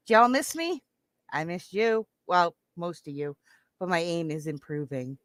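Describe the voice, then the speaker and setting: A woman's voice: medium pitch, expressive, takes it slowly, dry recording. A woman hosting a livestream and chatting casually with her viewers in a teasing, joking way. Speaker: livestream host.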